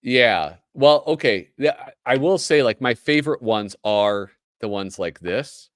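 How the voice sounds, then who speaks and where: A man's voice: mid-range voice, lively intonation, unhurried, no echo, studio quality. Midwestern guy chatting on a stream, bouncy up and down delivery, jokey. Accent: American Midwestern. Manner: chatty, reads aloud, jokey asides. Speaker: host. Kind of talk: casual livestream chat.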